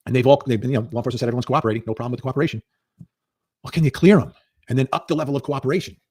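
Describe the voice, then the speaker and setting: A man's voice: medium pitch, steady tone, very fast, dark tone, husky, no room sound, studio quality. A man giving earnest, emphatic commentary, repeating key points for stress. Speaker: legal commentator. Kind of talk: clip of commentary played in a stream.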